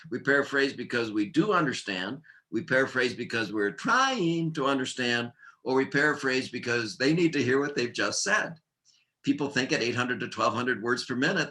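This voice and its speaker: A man leads a workplace training seminar in a bright, forceful voice at an ordinary middle pitch. He keeps things lively with jokes and drives his points home in short, punchy lists. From United States.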